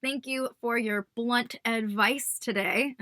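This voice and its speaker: A woman's voice: on the high side, steady tone, takes it slowly, bright, forceful tone, no room sound, clean studio sound. A woman hosting a podcast, interviewing her guest attentively and laughing often, with playful puns. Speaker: podcast host.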